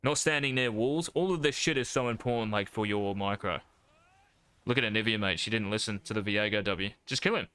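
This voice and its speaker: A man's voice: lowish voice, a little fast, bright, forceful tone, smooth. A man coaching a player over a live stream, blunt and profane, calling his student mate. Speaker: game coach.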